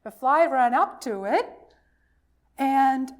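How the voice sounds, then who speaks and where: A woman minister reading a folktale aloud to a congregation in a slow, expressive storytelling manner. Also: sits high.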